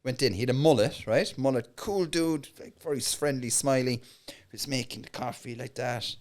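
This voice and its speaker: A man's voice: mid-range voice, moderate pace. A man with a Cork Irish accent, a comedian guest telling a rambling story in casual chat. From Ireland. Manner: rambling, animated, keeps asking "right?".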